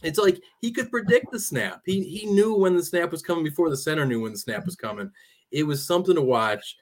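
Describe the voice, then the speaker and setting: Enthusiastic fan with a slightly high voice. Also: male voice, animated, a little fast. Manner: enthusiastic, laughs often. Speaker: guest co-host, sports fan. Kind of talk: casual sports podcast chat.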